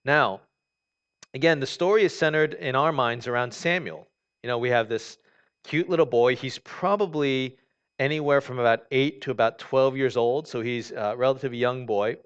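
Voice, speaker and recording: A pastor with a smooth, mid-range voice delivers a conversational sermon at normal speed. He reads scripture aloud and explains it, with many fillers and restarts, on a dull lo-fi recording.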